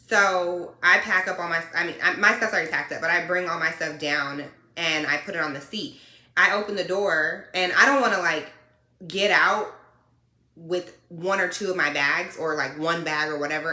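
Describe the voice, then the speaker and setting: Woman vlogger, sassy casual storytelling, bright forceful voice, echoey room. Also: on the low side. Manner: animated, sassy, expressive. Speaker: truck driver and vlogger. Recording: roomy echo.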